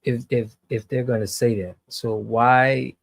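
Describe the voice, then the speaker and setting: A man's voice: mid-range voice, flat delivery, unhurried, vocal fry, no room sound. An American man hosting, giving earnest reaction commentary with repeated restarts. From United States. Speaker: host.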